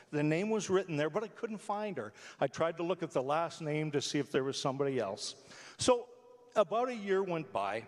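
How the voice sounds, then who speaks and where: Animated male storyteller in a hall. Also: a little high. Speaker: radio personality telling stories on stage. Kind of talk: storytelling speech to a live audience. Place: theatre stage. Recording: reverberant hall.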